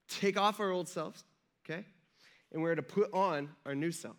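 A man's voice: a little high, normal speed, pauses often. A man giving a casual, conversational sermon as a pastor, often checking in with his listeners. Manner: conversational, jokey, checks in with the audience.

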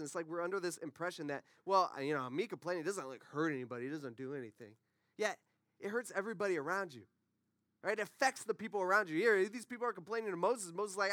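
A man's voice: high-pitched, sharp tone, dry recording, studio quality. A man preaching a conversational sermon, full of rhetorical questions and asides to the congregation.

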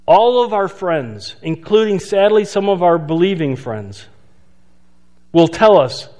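Man, pastor, conversational sermon, rhetorical questions, slightly high voice, long hall reverb. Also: sing-song, a little mellow. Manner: conversational preaching, rhetorical questions, slows for emphasis.

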